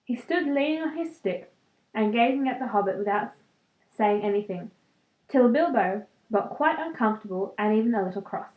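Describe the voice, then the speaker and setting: Young woman reading a book out loud, lots of ums and giggly tangents, tinny phone mic, echoey room. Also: a little high, expressive, normal speed. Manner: chatty, giggly asides with fillers, stumbling reading. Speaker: student reading a book aloud. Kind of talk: casual storybook reading with chatty asides.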